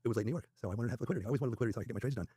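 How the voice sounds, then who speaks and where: A man as the guest trader in an interview, telling stories quickly and quoting other people's dialogue as he goes. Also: mid-range voice, warm tone, slightly rough, no echo, studio quality. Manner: rapid anecdotal retelling with quoted dialogue. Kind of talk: interview storytelling.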